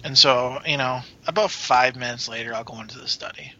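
A man's voice: medium pitch, fairly quick, pushed and bright. A man playing in a tabletop role-play, joking and casual. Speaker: player. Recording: dull lo-fi.

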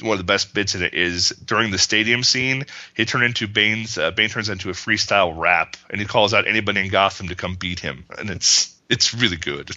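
A man's voice: lowish voice, normal speed, pushed and bright, dry recording. A man chatting casually as a podcast guest, rambling with restarts and laughing often. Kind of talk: casual chat. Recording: dull lo-fi dry sound.

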